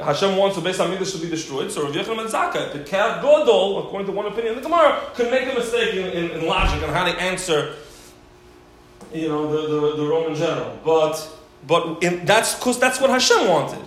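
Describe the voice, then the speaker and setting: A man teaching a Torah class, telling stories in an animated way and acting out the voices he quotes. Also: high-pitched, brisk. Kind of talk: Torah lecture with storytelling. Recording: very echoey room, faint background hiss.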